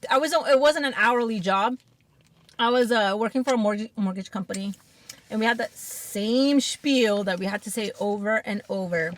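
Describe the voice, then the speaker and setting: A woman's voice: mid-range voice, moderate pace. A woman chatting casually on an eating show, telling rambling, giggly stories. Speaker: podcast co-host. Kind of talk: casual chat while eating.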